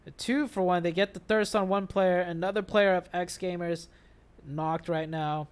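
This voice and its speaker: A man casting a mobile shooter tournament play-by-play, excitable, with bursts on big plays, tired from an early start. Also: high voice, moderate pace, a little hiss or hum. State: tired, yawning. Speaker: esports caster. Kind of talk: play-by-play commentary.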